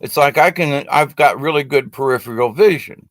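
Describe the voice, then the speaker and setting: A man's voice: mid-range voice, normal speed, a bit bright, dry recording. Rambling man teaching, dry close sound. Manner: rambling, reflective, with frequent fillers and restarts. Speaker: shamanic teacher hosting a live stream. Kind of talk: casual spoken teaching. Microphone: webcam facing the speaker.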